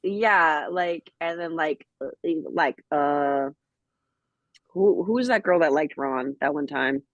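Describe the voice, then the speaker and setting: Blunt, animated podcast co-host. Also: medium pitch, no echo, lo-fi sound. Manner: animated, blunt, rapid storytelling with quoted asides. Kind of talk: casual podcast chat.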